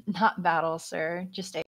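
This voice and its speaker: Player, female, slow and hesitant in-character answers. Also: lowish voice, flat delivery, a bit bright. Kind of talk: tabletop role-play, in-character talk.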